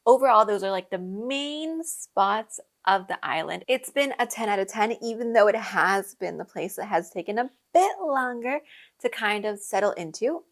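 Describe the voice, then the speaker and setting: A woman's voice: medium pitch, expressive, normal speed. A young adult woman hosting a podcast, telling casual travel stories in a chatty way, with frequent laughs and lots of fillers. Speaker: podcast host. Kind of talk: casual storytelling.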